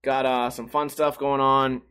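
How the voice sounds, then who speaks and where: A man's voice: medium pitch, flat delivery, a little slow, a bit bright, smooth. A young man hosting a live-streamed solo podcast, telling rambling, profane, self-mocking stories in a casual way.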